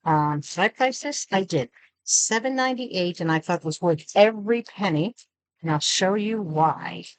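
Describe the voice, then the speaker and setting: A woman's voice: mid-range voice, expressive, measured pace. A woman chatting casually through a product unboxing, showing each item as she talks. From Arizona. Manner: chatty, shows items while talking. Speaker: product review vlogger.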